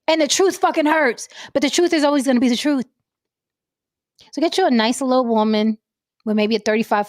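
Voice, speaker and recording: A woman's voice: sits high, no echo, studio quality. A woman hosting a podcast, ranting about celebrity gossip in a brash, profane, blunt manner. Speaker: podcast host.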